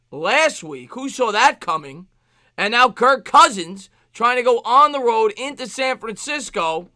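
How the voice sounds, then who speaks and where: A man hosting a live sports stream, greeting chat viewers by name in quick shout-outs. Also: high voice, no room sound.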